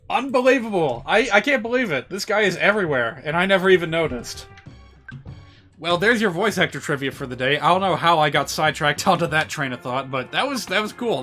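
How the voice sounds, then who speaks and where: A man streaming a video game, chatting in an excitable, rambling way with lots of asides. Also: on the high side, fairly quick, faint music behind. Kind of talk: casual gaming commentary.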